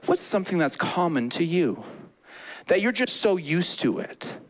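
A man preaching a sermon as a pastor in a church, animated, acting out quotes with playful voices. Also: sits high, unhurried.

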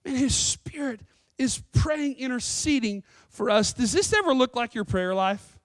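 A woman pastor preaching a sermon, earnest and emphatic, slowing down to stress lines of scripture. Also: fairly high pitch, animated, no room sound, studio quality. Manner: earnest, emphatic, with scripture readings and dramatic slowdowns.

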